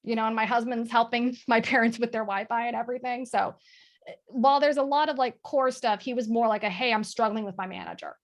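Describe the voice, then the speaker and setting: Brief: candid woman on a call, slightly high voice, quick and blunt. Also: steady tone. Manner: frank, fast, swears casually. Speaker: guest sales leader. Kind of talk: casual panel chat.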